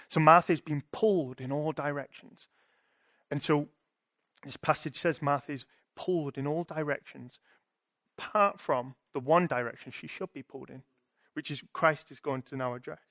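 A man's voice: medium pitch, steady tone, normal speed, fairly bright tone, no echo, studio quality. A young man giving a sermon in a conversational way, thinking aloud with restarts and asking "right?" to his listeners. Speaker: preacher.

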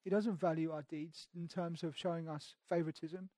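A man preaching a sermon, swinging from loud emphasis to hushed, intimate tones and often restarting his phrases. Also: fairly high pitch, steady tone, moderate pace, dry recording. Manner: repeats words and restarts phrases. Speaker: pastor.

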